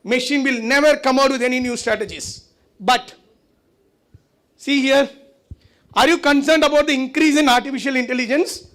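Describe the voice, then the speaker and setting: A man's voice: very high-pitched, moderate pace, long pauses, fairly bright tone. A man giving a conversational lecture at a conference, often asking the audience rhetorical questions. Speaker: conference speaker. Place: conference hall.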